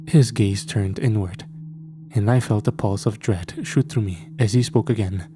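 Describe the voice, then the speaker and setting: A man narrating a scripted horror story at a slow, measured pace. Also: on the low side, noisy background. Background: faint music.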